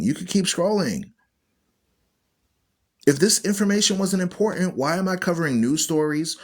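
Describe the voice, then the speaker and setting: A man hosting an online Bible radio show, teaching scripture in an emphatic, preachy way and repeating phrases for stress. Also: fairly high pitch. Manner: preachy, argues with viewers.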